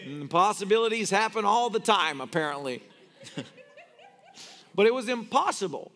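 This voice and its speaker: Joking high-voiced pastor preaching. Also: male voice, expressive, measured pace, pauses often, fairly bright tone, a faint crowd. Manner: joking storyteller. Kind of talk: sermon. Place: church.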